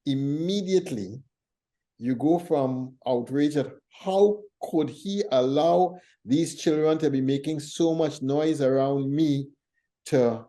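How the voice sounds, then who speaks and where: A man hosting a faith talk show, teaching and telling stories in a thoughtful, measured way. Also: fairly high pitch, warm tone. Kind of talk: reflective conversational teaching.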